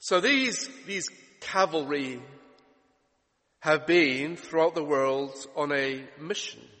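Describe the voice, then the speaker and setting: High-voiced man preaching in a reverberant hall. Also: takes it slowly, sharp tone. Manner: expository, rhetorical questions, emphatic repetition. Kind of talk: sermon.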